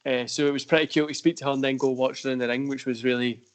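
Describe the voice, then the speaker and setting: A man's voice: mid-range voice, fairly even intonation, fast talker, smooth. Rambling man hosting a podcast. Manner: rambling, heavy use of fillers. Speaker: podcast host. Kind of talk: casual chat.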